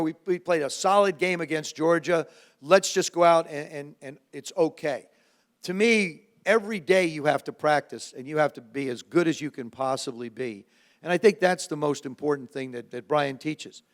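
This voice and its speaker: Older man, slightly high voice. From New Jersey. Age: around 70. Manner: lively anecdotes with self-mocking humor, frequent restarts. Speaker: former quarterback, guest speaker. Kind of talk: storytelling talk to a live audience.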